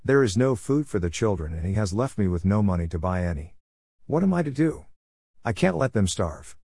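A man's voice: on the low side, very animated, brisk, warm tone, slightly rough, no room sound, clean studio sound, exaggerated voice. A man reading the lines of a fed-up, battered mother in a storybook, bitter and accusing. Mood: pleading.

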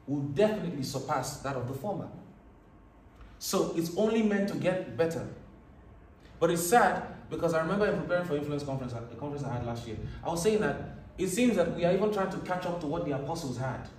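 Man, preacher, sermon, emphatic scripture reading, slightly high voice, distant mic, echoey hall, faint room noise. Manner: reads scripture in a raised, emphatic voice.

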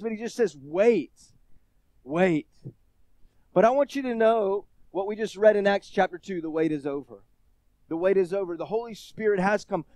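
A man in his thirties preaching a sermon, swinging between loud emphatic scripture reading and quiet, casual storytelling. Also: medium pitch, dry recording.

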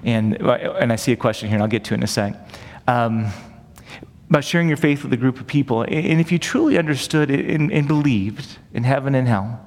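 A man's voice: mid-range voice, a little fast, big-room sound. A man preaching a sermon in an earnest, conversational way, often asking rhetorical questions. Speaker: pastor. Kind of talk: sermon teaching.

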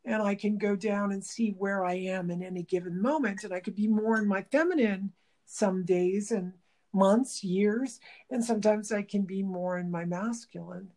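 A woman who teaches workshops talks through her ideas in a reflective interview. She speaks thoughtfully, searching for words and often restarting her phrases. Her voice sits at a middling pitch. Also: moderate pace, a little mellow.

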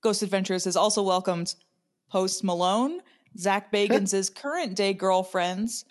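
A woman's voice: mid-range voice, measured pace. A woman co-hosting a podcast, telling a story in a chatty, sarcastic way and swearing freely. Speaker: podcast co-host.

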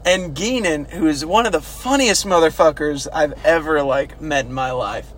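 A man's voice: normal speed, hardly any pauses, slight background noise. A man casually telling funny army stories, laughing often and acting out the quotes. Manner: laughing, animated, acts out quotes with big pitch jumps. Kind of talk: casual storytelling chat.

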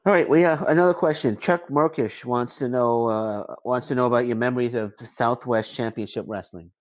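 A man's voice: medium pitch, brisk. A man hosting, reading listener questions to the guest in a polite, plain way. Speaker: host.

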